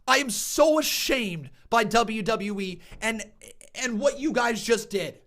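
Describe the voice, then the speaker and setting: On a live reaction stream, a man rants in a fury, shouting, cursing and repeating words in angry bursts. His voice is very high, with lively intonation and a slow pace.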